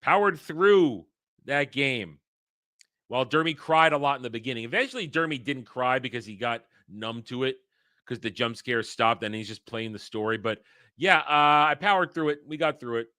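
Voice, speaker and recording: Streamer guy ranting blunt n profane, forceful bright voice, dry sound. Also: medium pitch, lively intonation, normal speed, dry recording. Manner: blunt, rambling and profane, with frequent restarts. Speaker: livestream host. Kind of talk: casual livestream talk.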